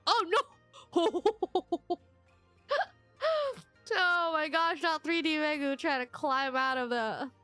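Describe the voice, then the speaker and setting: A woman streamer chatting casually and reading comments, giggly and rambling with quick emotional swings, at a desk mic at home. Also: high-pitched, bright, forceful tone, no room sound, soft background music.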